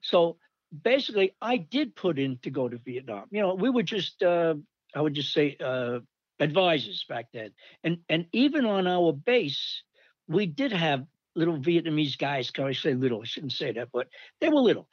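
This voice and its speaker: An older man recalls his army days in casual, rambling anecdotes, acting out the voices of the people he quotes. His voice is on the high side and very animated, at normal speed, with no echo and the highs cut off.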